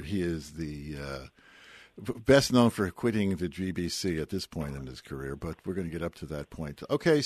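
A man's voice: deep voice, a little mellow, no room sound. An American radio host interviewing a guest in a chatty way, often repeating words as he starts a sentence. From United States. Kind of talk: casual interview.

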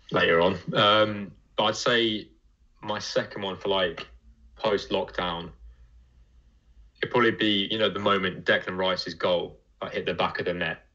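A man's voice: sits low, bright, forceful tone, highs cut off. A man co-hosting a fan podcast. He chats with enthusiasm about memorable matches. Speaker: podcast co-host. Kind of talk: casual fan podcast chat.

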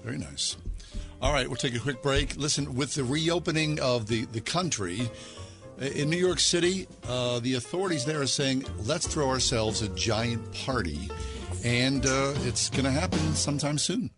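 A man hosting a radio show in a relaxed, conversational way. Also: medium pitch, normal speed, music in the background. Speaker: radio host. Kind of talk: radio talk and read ad.

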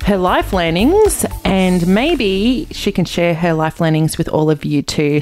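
A woman hosting a podcast interview, bubbly and effusive in her praise of her guest. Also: medium pitch. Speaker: podcast host.

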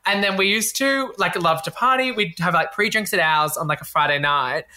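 A man's voice: sits high, moderate pace, bright, forceful tone. A young man with an Australian accent co-hosting a podcast in casual, campy chat, often acting out voices. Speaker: podcast co-host.

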